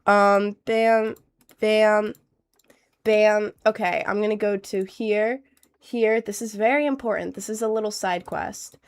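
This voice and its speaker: Her voice is mid-range, steady, clear, and resonant, though stuffy and a bit nasal from a cold. This late-teen streamer chats casually on her livestream, bubbly and rambling and quick to laugh.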